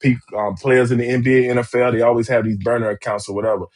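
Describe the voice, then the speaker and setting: A man hosts a live-streamed talk on relationships in a husky voice. He speaks emphatically, circles back on his words and keeps calling out to viewers. His pitch sits in the middle range. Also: little pitch movement, fast talker, a little mellow. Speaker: relationship podcast host.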